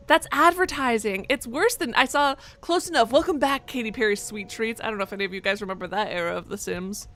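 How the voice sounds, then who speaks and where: A woman's voice: a little high, fast, hardly any pauses, a bit bright, dry recording. A young woman doing let's play commentary, joking and swearing as she reacts to the game. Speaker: gaming streamer.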